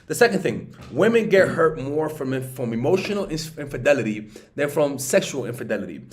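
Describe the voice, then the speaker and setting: A man talking casually as a dating coach. He is blunt and profane, keeps checking for agreement with "okay?" and "right?", and gets louder and higher as he pushes a point. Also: sing-song, fairly quick.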